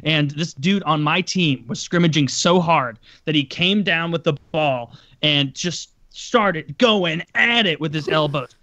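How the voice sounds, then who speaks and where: A man's voice: a little high, a little slow, few pauses, pushed and bright, no room sound, dull audio. A man telling stories in casual chat, rambling with lots of filler words and the odd swear.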